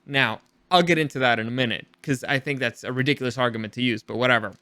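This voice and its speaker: A man's voice: mid-range voice, quick pace, sharp tone, no room sound. A man hosting his own podcast late at night, rambling and opinionated, often correcting himself. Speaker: podcast host. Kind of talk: casual opinion podcast commentary.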